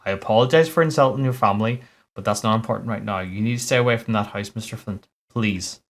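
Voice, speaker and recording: A man's voice: fairly low pitch, quick pace, close to an everyday voice. A man reading aloud as an anxious, polite man who speaks formally and apologises often. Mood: urgent. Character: polite anxious middle-aged man, urgent neighbour.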